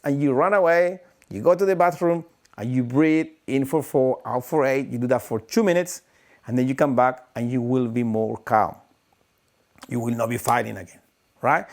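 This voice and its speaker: A man teaching breathwork in a live-streamed lesson, animated, demonstrating breaths with audible sighs. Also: medium pitch, normal speed.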